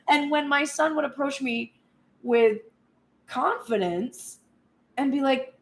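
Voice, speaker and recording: A woman giving a casual spoken tarot reading, animated and blunt, swearing freely and acting out pleading voices. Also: sits high, normal speed. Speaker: tarot reader.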